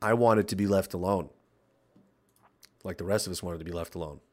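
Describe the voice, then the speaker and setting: A man's voice: deep voice, fairly quick. A man hosting a podcast, ranting with profanity and reading out chat comments. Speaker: podcast host.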